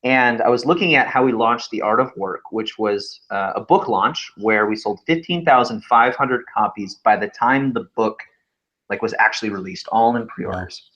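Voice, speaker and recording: A man's voice: fairly low pitch, moderate pace. Man telling stories on a webinar. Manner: animated storytelling, laughs often. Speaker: webinar co-host, author. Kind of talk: casual webinar chat. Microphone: video call. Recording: slightly dull lo-fi sound.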